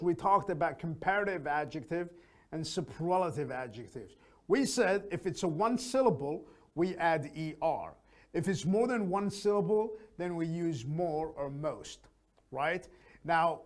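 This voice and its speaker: A man teaching an English grammar lesson, slowly explaining and repeating example sentences. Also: a little high.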